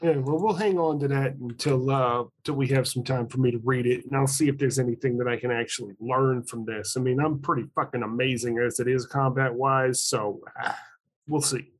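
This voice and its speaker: A man's voice: mid-range voice, fairly even intonation, fairly quick, husky. A man playing a tabletop game, talking casually with boastful swearing. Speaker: player.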